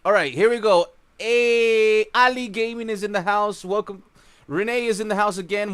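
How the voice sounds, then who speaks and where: A man hosting a gaming livestream in casual chat, chatty and greeting viewers by name, his voice a bit rough from just waking up. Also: high voice, moderate pace, a bit bright.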